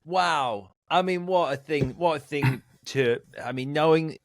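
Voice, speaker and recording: A man's voice: fairly high pitch, unhurried, no room sound, studio quality. A man hosting an interview podcast, reacting enthusiastically and reading a friendly sign-off. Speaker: podcast host. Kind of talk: interview, channel outro.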